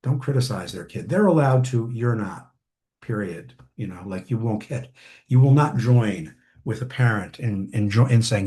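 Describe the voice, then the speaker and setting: A man giving a relaxed, conversational training lecture on family therapy, with many ums and restarts and brief acted-out parent quotes. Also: fairly low pitch, moderate pace.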